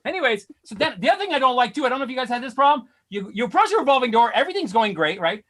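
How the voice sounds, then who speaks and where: A man doing a stand-up set over a video call, ranting in exasperation and rising to outraged shouts. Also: very high-pitched, sing-song, racing. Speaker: stand-up comedian.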